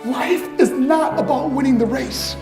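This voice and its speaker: A man's voice: extremely high pitch, measured pace, a little mellow, roomy sound, faint music behind. A man giving a motivational speech, telling stories and acting out the voices of the people in them. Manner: storytelling, acts out quoted voices. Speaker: motivational speaker.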